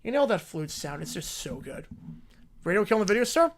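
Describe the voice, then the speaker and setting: A man's voice: sits high, very animated, brisk, vocal fry. A man hosts a casual livestream from his home setup and talks straight into a desk microphone. His chat is loose and easygoing, and he echoes his own phrases as he goes. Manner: loose, chatty, repeats phrases. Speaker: livestream host.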